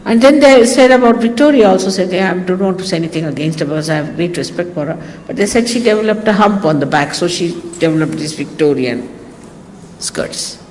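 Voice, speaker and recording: A woman's voice: on the low side, expressive, brisk, a little mellow. Indian lady spiritual teacher, chatty storytelling, echoey old hall tape with light hiss. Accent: Indian English. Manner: anecdotal storytelling, chatty and teasing. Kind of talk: informal spiritual talk. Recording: echoey hall, faint hiss, 1980s archive recording.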